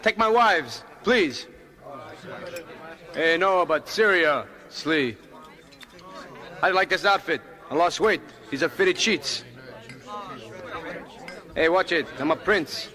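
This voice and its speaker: A man's voice: a little high, animated, takes it slowly, pauses often, bright, forceful tone, a faint crowd, full character voice. A man putting on a boastful male Arabian prince doing vaudeville one-liners. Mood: brash.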